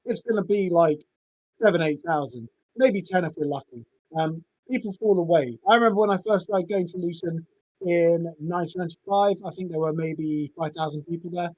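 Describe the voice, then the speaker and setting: An English man hosts a live fan call-in podcast from his home setup over voice chat, rambling and interrupting himself as he takes calls. His high-pitched voice has a darkish tone. The home microphone sounded muffled at first, and the recording is rough with no echo.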